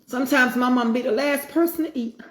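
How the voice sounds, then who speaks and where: A woman's voice: high-pitched, quick pace, a bit bright, reverberant. A middle-aged woman, chatting casually while she eats, with folksy, preachy asides. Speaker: home cooking vlogger. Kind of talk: casual chat while eating.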